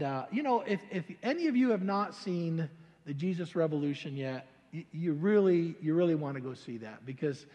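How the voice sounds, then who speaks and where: An older man, a pastor, telling his story in a sermon in an animated, colloquial way with stammering restarts. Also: high-pitched. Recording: long hall reverb.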